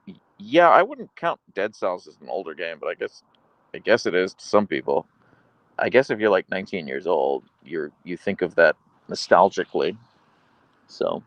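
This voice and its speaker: Gravelly, wry man streaming from a phone. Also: low-pitched, lively intonation, moderate pace, no room sound, dull audio. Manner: wry, rambling, reads chat aloud. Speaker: live streamer. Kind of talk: casual live-stream chat. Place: outdoor couch on a deck.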